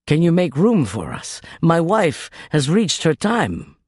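A man's voice: fairly high pitch, huge pitch swings, takes it slowly, a little mellow, slightly rough, no echo, studio quality, pitched above the performer's own voice, full character voice. A man doing an earnest, desperate young husband. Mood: pleading. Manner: pleading, earnest.

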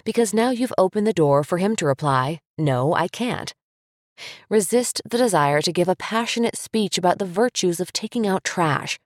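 A mother narrating a parenting book in a steady, firm, instructive way. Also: medium pitch, a little fast, few pauses, dry recording, studio quality.

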